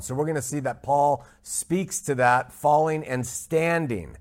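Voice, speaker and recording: A man teaching a Bible study, speaking emphatically, repeating key points and slowing down to stress scripture. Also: on the high side, darkish tone.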